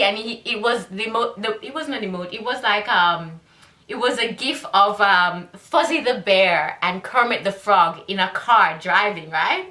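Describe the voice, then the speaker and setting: A woman from Jamaica with a Jamaican accent, telling a dating story to camera in an animated way, laughing often and throwing in rhetorical asides. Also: mid-range voice, echoey room. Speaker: vlogger.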